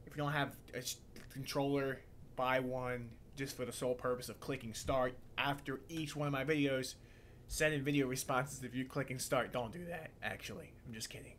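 A man's voice: medium pitch, level tone, normal speed, fairly bright tone, a little hiss or hum. Goofy young American man gaming. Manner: goofy, rambling, rhyming asides. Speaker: gaming channel host. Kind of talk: gameplay commentary. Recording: game music underneath. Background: background game music.

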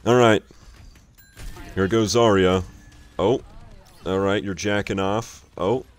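A man's voice: lowish voice, fairly even intonation, slow. A young man casually commenting on someone else's gameplay, exasperated, swearing and laughing often.

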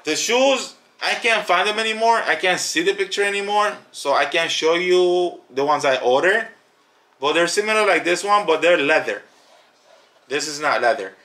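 A man with a fairly high, bright, forceful voice gives a casual product review for a family channel. He talks in an emphatic, animated way and repeats words to drive a point home. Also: moderate pace.

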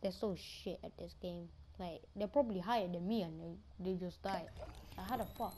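A woman's voice: lowish voice, fairly quick, mellow, a little hiss or hum. Woman muttering gameplay commentary. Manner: muttering, frequent swearing. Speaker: gamer.

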